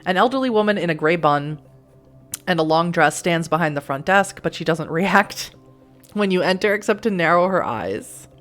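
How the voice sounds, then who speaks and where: A chatty woman from Massachusetts reads a text game aloud, breaking off for quick asides and frequent laughs. Her voice sits fairly low for a woman. Soft music plays faintly in the background. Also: animated. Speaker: let's play host.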